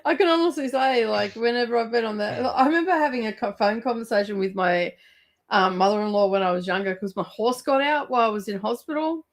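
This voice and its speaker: Brief: woman host in her thirties, slightly high, casual and salty storyteller who laughs a lot. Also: lively intonation, quick pace. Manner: swears freely, laughs through her stories.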